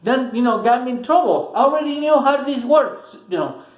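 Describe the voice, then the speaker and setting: A man's voice: very high voice, animated, fairly quick, reverberant, low-quality recording. A man giving a casual, earnest motivational talk to camera, repeating words for emphasis. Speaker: motivational vlogger.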